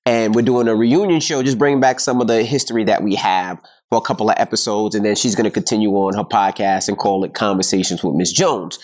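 A man's voice: fairly low pitch, fast, few pauses, darkish tone. A middle-aged man hosting a podcast, chatting casually in joking, boastful banter. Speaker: podcast host. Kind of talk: casual chat.

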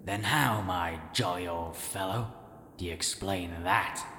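A man's voice: low voice, measured pace, pushed and bright, reverberant, in a large hall, slight background noise, heavily acted. A man voicing a swaggering male space pirate captain who talks bluntly and impatiently in an audio drama. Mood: brash.

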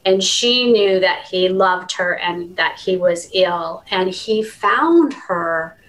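A woman guest on a podcast, talking earnestly and warmly about her work as an animal communicator in a relaxed interview. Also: lowish voice, slow, poor audio. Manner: earnest, heartfelt storytelling. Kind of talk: conversational interview.

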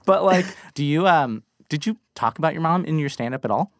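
A woman's voice: deep voice, expressive, a little fast, dry recording, clean studio sound. A woman hosting an interview, a stand-up comic who prompts her guest with questions and short affirmations and laughs easily. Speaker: podcast host and stand-up comic. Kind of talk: casual interview conversation.

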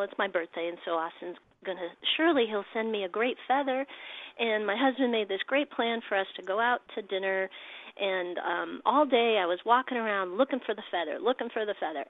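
A woman guest telling personal stories in an animated, emotional way. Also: mid-range voice, no echo. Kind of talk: storytelling chat. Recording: tinny phone-like line.

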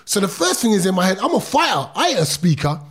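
A man's voice: high-pitched, very animated, fast talker, a bit bright, husky. A middle-aged man, a former boxer telling his own story in an interview, intense and emphatic, stretching words out and using street slang. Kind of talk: emotional personal storytelling.

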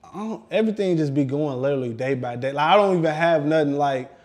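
Laid-back man, slightly high voice. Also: fast talker. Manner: relaxed, rambling, heavy use of "like". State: talking around brand-new dental work. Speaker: interview guest. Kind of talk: casual chat.

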